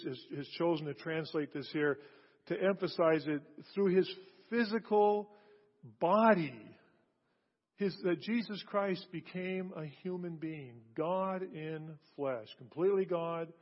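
Emphatic preacher in a reverberant hall. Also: male voice, on the high side, unhurried. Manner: emphatic, repeats key phrases, swings from hushed to loud. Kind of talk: sermon. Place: large hall with an audience. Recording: dull lo-fi recording with long hall reverb.

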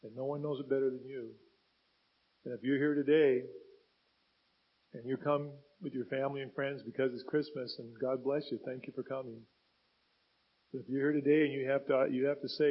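A man's voice: mid-range voice, flat delivery, moderate pace, pauses often, slightly rough, muffled recording. A man preaching a sermon as a pastor, retelling scripture with dramatic rises and falls in emphasis.

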